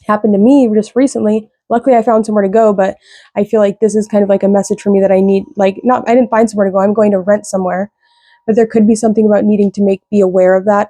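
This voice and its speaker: A woman giving a casual tarot reading, rambling with lots of fillers, slow when she reads out card meanings. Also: medium pitch, dark tone, no room sound. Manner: rambling, loose, with many fillers. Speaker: tarot reader.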